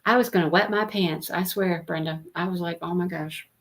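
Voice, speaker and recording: A woman's voice: lowish voice, fairly even intonation, a little fast, fairly bright tone. A woman hosting a live book discussion, chatting casually, telling stories and laughing often as she reads out viewer comments. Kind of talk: casual chat on a livestream.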